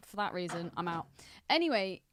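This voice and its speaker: A woman's voice: fairly low pitch, sing-song, brisk, a bit bright, slight background noise. A woman co-hosting a podcast in a studio, teasing and swearing in casual banter. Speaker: podcast co-host.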